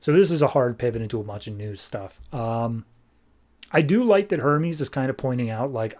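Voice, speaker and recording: A male podcast host reviews a comic book in a loose, conversational way. He talks with animated energy and scatters filler words through his sentences. His voice sits at a plain middle pitch. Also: normal speed.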